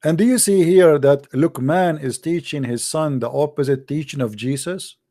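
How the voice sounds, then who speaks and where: Call-in debate host, male, mocking and taunting, mellow voice pitched a bit high. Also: moderate pace. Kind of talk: live call-in religious debate.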